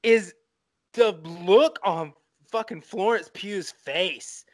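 A man co-hosting a casual film-review podcast, talking in an animated, profane way and getting swept up in emotion. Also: sits high, takes it slowly. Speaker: podcast co-host.

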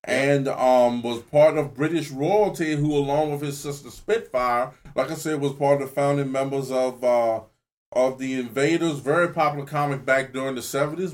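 A man co-hosting a casual chat podcast, recounting things at an easy pace. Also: mid-range voice. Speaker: podcast co-host.

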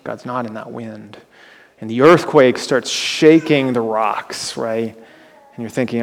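A man's voice: medium pitch, unhurried, vocal fry, in a large hall. A male pastor preaching a sermon, retelling scripture dramatically and asking the listeners rhetorical questions.

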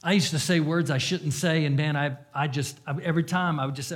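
Male pastor, sermon delivery, slightly high voice, earnest, shifts from forceful peaks to near-whispered moments. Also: steady tone, brisk, few pauses. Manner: earnest, swings between loud emphasis and hushed confession.

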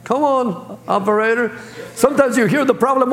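A man's voice: extremely high pitch, brisk, hardly any pauses. A man preaching a sermon as pastor, speaking in plain colloquial phrasing and acting out voices. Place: church sanctuary. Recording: echoey church hall.

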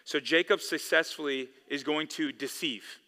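Male pastor, sermon, emphatic repeats, bright forceful voice, long reverb of a church hall. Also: on the high side, normal speed. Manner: emphatic preaching with repeated phrases. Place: church sanctuary. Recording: long echo of a big hall.

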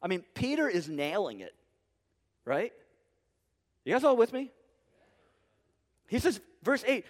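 Pastor guy preaching, fairly high voice, jokey and animated, asks the crowd lots of questions, long echo like a big church hall. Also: measured pace, long pauses. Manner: animated, humorous, conversational preaching with rhetorical questions. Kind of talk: sermon.

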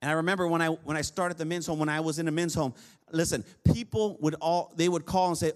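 A man's voice: on the high side, steady tone, quick pace. A man preaching as a pastor, telling a personal story in a conversational way, with humorous asides and frequent repeated phrases. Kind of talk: sermon.

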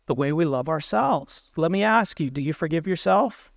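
A man's voice: on the high side, lively intonation, normal speed, gravelly, no room sound. A man preaching a sermon as pastor, earnest, putting questions to the congregation.

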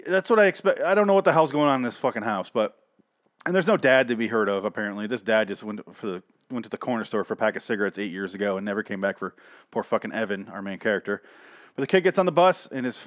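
A man's voice: on the low side, animated, quick pace, dry recording. A man giving casual, rambling, sarcastic review commentary on cartoon episodes, swearing freely.

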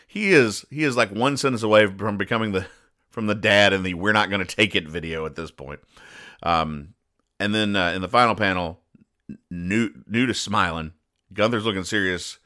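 Guy hosting a comics podcast, lowish voice but bright and forceful, jokey recap. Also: animated. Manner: playful, puts on quick character voices. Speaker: podcast host.

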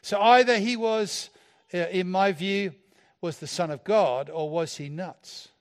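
A man's voice: sits high, measured pace. A man. He preaches playfully and jokes with the people in front of him. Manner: playful, animated, jokes with the congregation. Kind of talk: sermon.

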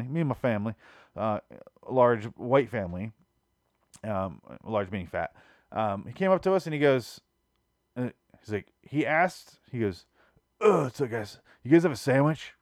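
A man's voice: medium pitch, lively intonation, normal speed, dry recording, studio quality. A man hosting a podcast, telling a comic story in a rambling, profane, exasperated way. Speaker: podcast host. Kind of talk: casual comedic storytelling.

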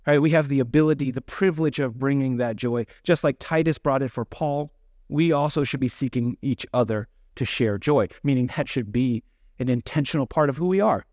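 In a dry recording, a pastor preaches with a mid-range, slightly mellow voice that moves a little fast. He's conversational and pokes fun at himself, frequently acting out what people say.

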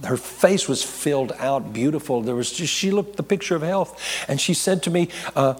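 A middle-aged male pastor tells his testimony from the pulpit at an ordinary pitch. He rambles, backtracks and laughs at himself as he goes. His voice rings through a long, echoing hall. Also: fairly quick, hardly any pauses, darkish tone, slightly rough. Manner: rambling storyteller, self-correcting, laughing asides. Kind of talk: testimony sermon.

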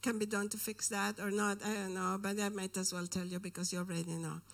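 A woman's voice: medium pitch, flat delivery, brisk, vocal fry. A woman preaching and telling a personal story, often dropping into a whisper for emphasis. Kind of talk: sermon storytelling.

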